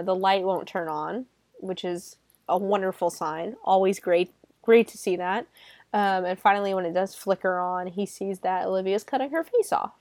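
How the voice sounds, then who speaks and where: A woman's voice: medium pitch, darkish tone, no echo. A woman recapping a horror film in a casual, chatty way, swearing freely and filling her talk with "like" and laughter. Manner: chatty, profane, lots of fillers and laughter. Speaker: horror movie reviewer. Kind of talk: casual spoken movie recap. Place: home room.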